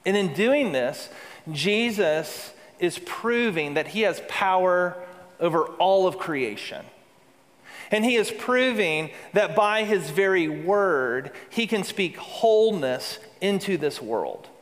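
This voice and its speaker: A man's voice: high voice, animated, slow. Man preaching in an echoing hall. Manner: earnest, building to emphatic peaks with repeated phrases. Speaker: pastor. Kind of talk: sermon. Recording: long hall reverb.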